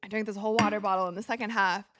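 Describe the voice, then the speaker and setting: A young woman hosting a live basketball watch party, calling plays excitedly and talking to her viewers. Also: medium pitch, racing, noisy background. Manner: excitable, reacts loudly to plays, talks to viewers as you guys. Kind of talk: live game commentary to chat.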